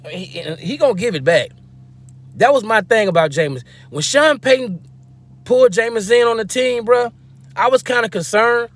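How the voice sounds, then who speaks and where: High-voiced joking man ranting about football. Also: moderate pace. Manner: animated and joking, slangy, acts out quotes. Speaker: sports fan commentator. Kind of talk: casual opinion rant.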